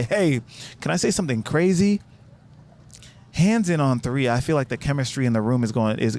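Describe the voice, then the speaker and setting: A man from the United States casually telling a travel story, with many swings between low, quiet asides and high, excited bursts. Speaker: vlogger recounting a trip.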